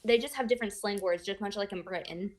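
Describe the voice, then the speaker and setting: A woman's voice: medium pitch, fast talker, rough recording. A woman chatting casually with friends about a tabletop game, laughing often. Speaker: player. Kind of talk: casual chat among friends.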